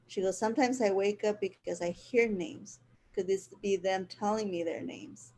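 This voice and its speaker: Woman host chatting, mellow voice, rambles and laughs a lot, a little hiss behind. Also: medium pitch, normal speed. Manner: rambling storyteller, laughs often. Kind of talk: casual spiritual chat.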